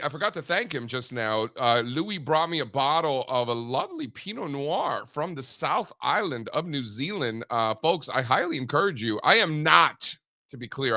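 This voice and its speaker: A man hosting a live market show, brash and animated, swearing casually as he chats. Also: mid-range voice. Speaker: host. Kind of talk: casual livestream chat.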